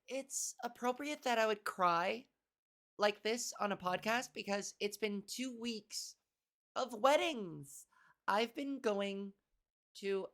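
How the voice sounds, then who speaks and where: A hoarse woman hosting a casual solo comedy podcast, rambling and profane, often clearing her throat and playing with the pitch of her voice. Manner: frequent coughs and throat clearing.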